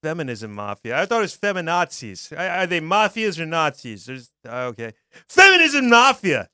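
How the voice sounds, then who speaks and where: A man's voice: a little high, very animated, fairly quick, pushed and bright, clear, resonant tone, no room sound, studio quality. A man co-hosting a casual comedy show, reading a listener's message aloud and riffing on it with frequent laughs. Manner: jokey, reads aloud and riffs, laughs often. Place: studio.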